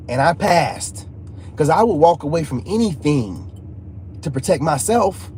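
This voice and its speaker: Animated and fairly high in pitch, a male channel host shares a personal story at a moderate pace. His talk to viewers is casual and emphatic, loaded with slang and repetition, with faint background noise.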